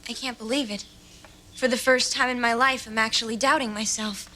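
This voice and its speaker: A woman's voice: on the high side, steady tone, fairly quick, bright, forceful tone. Vain teenage girl. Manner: ditzy, self-satisfied delivery. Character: vain shallow teen girl, prissy and self-absorbed. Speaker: teenage daughter.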